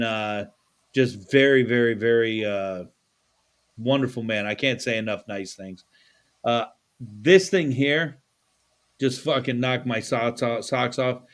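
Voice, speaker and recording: A man hosting a podcast in casual chat from a studio, swearing freely and laughing often. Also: medium pitch. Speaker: podcast host.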